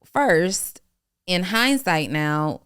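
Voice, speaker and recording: A woman hosting a business podcast in a casual, chatty way, with a smooth and clear voice pitched on the low side. She tells stories in an animated way, laughs easily and is generous with encouragement. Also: extremely slow. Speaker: podcast host and business coach.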